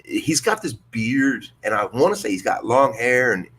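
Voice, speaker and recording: A man's voice: medium pitch, sing-song, moderate pace, a bit bright, slightly rough. A man hosting a podcast in casual chat, laid-back and profane, laughing often. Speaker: podcast host.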